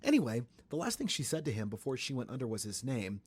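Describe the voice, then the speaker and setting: A young man from the Atlanta area hosting a casual celebrity gossip podcast, chatty and animated. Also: quick pace, husky. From Atlanta area, Georgia. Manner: chatty and animated, breaks into high sung bits. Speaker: podcast host.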